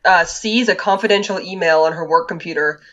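A woman co-hosts a podcast in a relaxed, chatty way. Her voice sits low, and her mic sounds dull and lo-fi. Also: fairly quick. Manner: relaxed, chatty, fills gaps with "like" and "uh". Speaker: podcast co-host. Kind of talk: casual chat.

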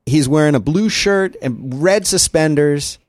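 A man hosts a casual podcast, rambling from thought to thought with plenty of restarts. His pitch swings widely as he talks, and the sound is dry and close, with no room around it. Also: a little slow, no room sound. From lives in Central Texas. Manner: rambling and lively, with many restarts. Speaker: podcast host. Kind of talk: casual chat.

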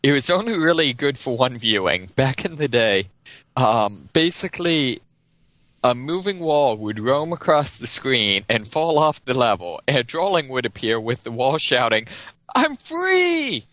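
A man's voice: moderate pace, no room sound. A man reading out listener messages in a casual chat and reacting with amusement. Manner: animated, breaks into high yelled voices when acting out a story.

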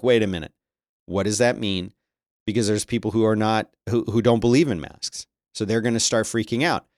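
A man's voice: mid-range voice, dry recording. Chatty middle-aged man, dry sound. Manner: chatty, reads news aloud, breaks into exasperated rants. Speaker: podcast host. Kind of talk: casual news commentary.

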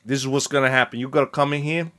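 A gruff, menacing bandleader boss, as a man puts him on in a thick gangster drawl. The voice sits low and quiet, pressing each demand. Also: fairly even intonation, racing, close to an everyday voice.

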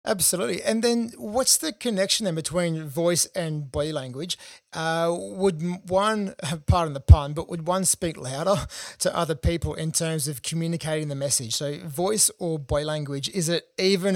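A man's voice: on the high side, moderate pace, gravelly, dry recording, clean studio sound. A man interviewing a guest, asking polite questions with some hesitation. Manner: polite, searching, hesitant fillers.

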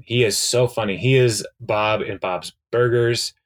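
A man's voice: mid-range voice, steady tone, measured pace. A man co-hosting a podcast, casually recapping a TV episode in a rambling way, with lots of fillers and frequent laughs. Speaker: podcast co-host.

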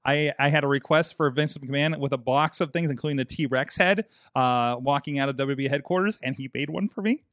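A man hosting a casual wrestling podcast, excitable and laughing often as he reacts. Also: medium pitch, fairly quick, hardly any pauses, dry recording. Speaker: podcast host.

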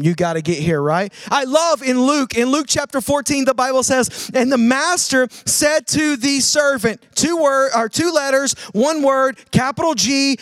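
Pastor guy preaching, pushes the crowd to answer back, real high voice. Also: no echo, clean studio sound. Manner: preachy, calls for audience response, swings from loud to hushed. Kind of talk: sermon.

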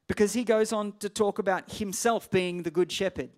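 A man preaching a sermon in a relaxed, conversational way, reading scripture aloud between his own remarks. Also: high-pitched, moderate pace. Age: adult parent. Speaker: pastor.

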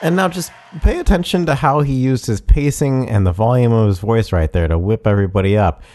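A man's voice: mid-range voice, fairly quick, a little mellow. A man commenting on a speech clip in a conversational, admiring way, with fillers and self-corrections.

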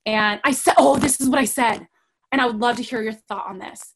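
Lively woman podcast host, faint noise. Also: on the high side, brisk, low-quality recording. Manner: animated, acts out quoted voices. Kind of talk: casual storytelling chat.

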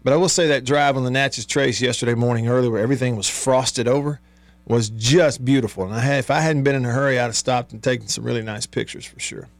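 A chatty man hosts a talk radio show from a studio, his voice sitting at an everyday middle pitch. He reads listener texts in a relaxed, easygoing way and laughs often. The sound is close and dry, with no room around it. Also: fast talker, no room sound. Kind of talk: casual sports talk radio chat. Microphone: studio microphone.

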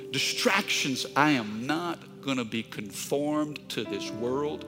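A middle-aged man, a pastor, preaching a sermon with emotional, animated storytelling and touches of humor. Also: mid-range voice, slow pace, few pauses, over music.

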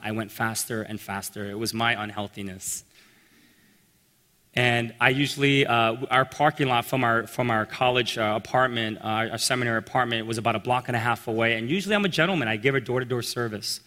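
A man telling a personal story in a sermon, animated and acting out the voices of the people in it. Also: medium pitch, a little fast. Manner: animated storyteller, acts out quotes. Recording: long reverb in a large hall.

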